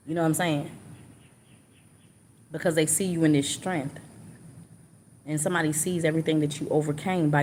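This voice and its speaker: Low-voiced woman giving a spiritual reading. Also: a little mellow, a little hiss or hum. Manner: earnest, repetitive, emotional, informal speech. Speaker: tarot reader channeling messages.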